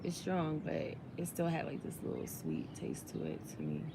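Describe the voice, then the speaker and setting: A woman's voice: low voice, very animated, normal speed, creaky, background noise. A woman vlogger chatting casually while eating, in a laid-back, chatty way.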